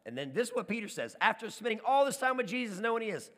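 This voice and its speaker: A man preaching a sermon, telling stories with animated energy and often repeating and restarting words. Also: high-pitched, quick pace, hardly any pauses. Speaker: pastor. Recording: long hall reverb.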